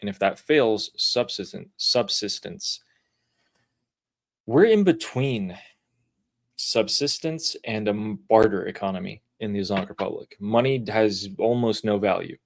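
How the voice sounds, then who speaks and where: Low-voiced man reading super chats. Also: gravelly. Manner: relaxed, reads messages aloud with quick asides. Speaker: livestream co-host. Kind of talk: casual livestream chat reading super chats.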